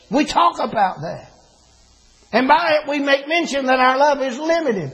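An older preacher with a strikingly high, husky voice. He moves between homely family stories and emphatic declarations, drawing out key phrases as he preaches. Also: animated, normal speed, a bit bright, poor audio. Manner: folksy storytelling, rising to emphatic preaching. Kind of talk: sermon.

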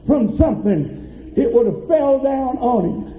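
Pastor, male, high voice, slow fervent sermon, tinny echoing church recording. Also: expressive. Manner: preaching with rising fervor and drawn-out emphasis. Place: church sanctuary. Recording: echoey church, tinny phone-like audio.

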